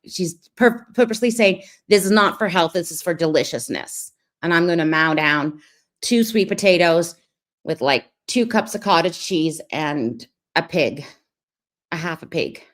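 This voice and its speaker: Reaction host, female, dry mocking commentator with a slightly low voice. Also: fairly bright tone. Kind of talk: sarcastic commentary over a clip.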